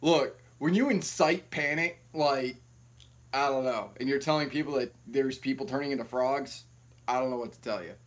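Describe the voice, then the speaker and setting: A young man vlogging from home and telling swear-filled stories straight to the camera. He rambles and rants in a casual voice of ordinary pitch, picked up by the camera's own mic. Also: normal speed. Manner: profane, rambling, ranting. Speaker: YouTube vlogger. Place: at home, no ring light set up. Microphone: built-in camera mic, no external mic.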